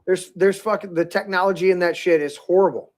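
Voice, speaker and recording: Here the male host of a political talk podcast has a high-sitting, darkish voice with fairly even intonation and a fairly quick pace. He rambles casually, cursing freely and often starting over.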